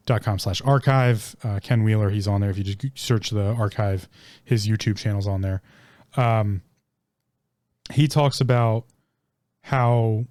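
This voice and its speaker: Rambling man, dark dry voice. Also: medium pitch, no echo. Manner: rambling, halting, many ums and restarts; swears casually. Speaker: podcast host. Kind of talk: solo podcast monologue.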